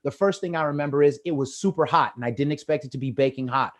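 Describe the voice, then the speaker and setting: A man with an American accent telling lively stories in casual chat over a video call, acting out the quotes with a rising voice. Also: medium pitch, fast. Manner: animated, acts out quotes with rising voice. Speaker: guest storyteller.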